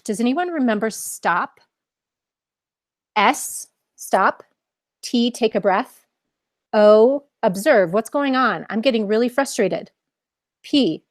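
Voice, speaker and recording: A woman's voice: fairly high pitch, darkish tone, no room sound, studio quality. A woman leading a live online mindfulness lesson for children, encouraging them and asking many questions. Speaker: mindfulness teacher.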